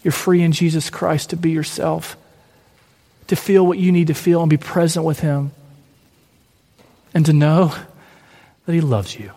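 A man preaching a gentle, encouraging sermon, building repeated lists, then leading a prayer. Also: on the high side, measured pace, pauses often, slightly rough, big-room sound. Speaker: pastor.

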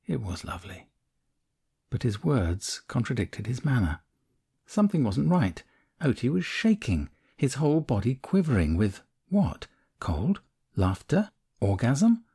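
A man narrating a first-person memoir audiobook in a calm, measured, candid way. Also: mid-range voice, husky.

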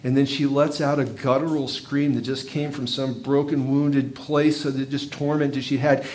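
A male pastor giving a sermon, telling a story vividly and swinging from hushed, slow passages to loud, intense ones. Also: mid-range voice, flat delivery.

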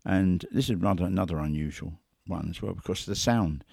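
A man's voice: sits low, fast talker, creaky, no echo, clean studio sound. A man talking as a big cat investigator, telling stories and acting out quotes and sounds. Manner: animated, acts out quotes and sounds. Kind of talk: conversational storytelling.

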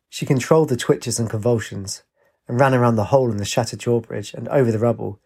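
A man, reading a story aloud as narrator in a steady, even way. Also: mid-range voice, fast, breathy edge.

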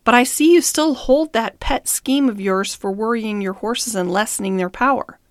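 A woman reading the lines of a stern, principled gentleman who scolds others over their treatment of horses. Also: fairly high pitch, moderate pace, dry recording, studio quality, lightly acted. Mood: reasoning. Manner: stern and reproving.

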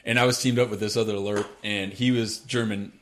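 A middle-aged man with a fairly low voice, a guest on a podcast. He tells his stories in relaxed chat, gets animated and laughs through them, and swears casually. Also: brisk. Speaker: podcast guest, military author.

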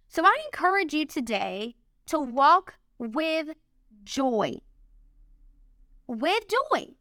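Woman, devotional speaker; unhurried, upbeat, earnest delivery. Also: high voice, a bit bright, dry recording, studio quality. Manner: earnest, upbeat, chatty, addresses listeners as guys. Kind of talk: encouraging devotional talk.

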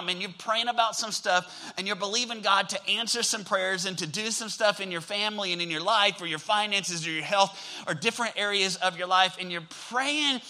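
High, bright-voiced male pastor preaching. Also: low-quality recording. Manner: energetic, engages the congregation with call-and-response. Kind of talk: sermon.

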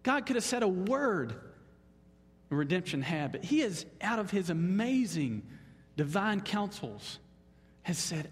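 A man pastor preaching a Sunday sermon in an animated, emphatic way. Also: a little slow, long pauses, slightly rough. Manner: animated, emphatic, leaps up in pitch on exclamations. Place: church sanctuary. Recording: long hall reverb.

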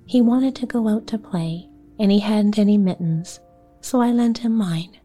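A woman's voice: mid-range voice, moderate pace, dark tone, faint music behind, lightly acted. A woman voicing a shy, polite little boy in a storybook reading.

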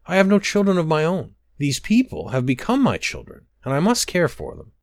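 A man voicing Orsa, a gentle, loving woman who is shunned, in a storybook reading. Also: fairly high pitch, wildly swooping pitch, a little fast, no room sound, voice pushed up. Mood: earnest.

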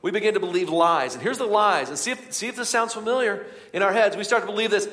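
A man delivers a sermon in a church with a slightly high voice. He swings from quiet, hushed passages to loud and urgent ones, and the sound rings with long hall reverb. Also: fast, few pauses. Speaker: pastor. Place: church sanctuary.

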